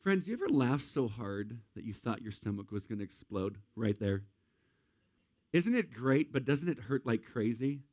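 A man preaching a humorous sermon to a live audience, asking the crowd questions and acting out voices with animated energy. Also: medium pitch, normal speed, no room sound.

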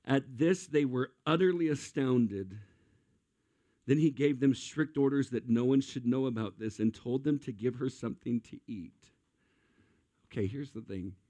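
A man preaching a sermon as a pastor, animated and acting out quotes with playful voices. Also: medium pitch, a little slow.

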